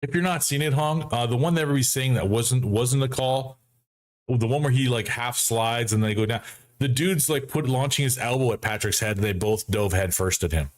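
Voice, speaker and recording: A man hosting a casual football fan show for a live audience, animated and mocking, acting out friends he quotes. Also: mid-range voice, fairly quick. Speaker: sports fan show host. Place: home studio setup.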